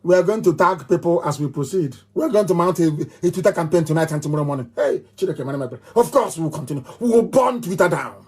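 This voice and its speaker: A man's voice: on the high side, expressive, fast, few pauses, a little mellow, breathy edge. A middle-aged man with a Nigerian accent giving a fiery live radio address, emphatic and repeating phrases like a chant. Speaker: movement leader on radio.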